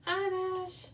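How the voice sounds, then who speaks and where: A woman reading a storybook aloud to a baby rabbit at home, with chatty asides to her pet. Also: very high-pitched. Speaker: rabbit-keeping homesteader and channel host. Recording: echoey room, distant mic, faint background noise.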